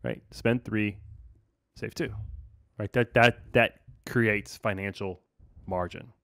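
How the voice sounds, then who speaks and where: A man with a fairly low voice hosts a relaxed podcast chat about money. He talks with easygoing energy and drops casual slang as he explains. His voice sounds dry and close, with no room echo. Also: takes it slowly, vocal fry. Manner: laid-back, energetic, slangy, says "man" and "dude". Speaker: podcast host, financial planner.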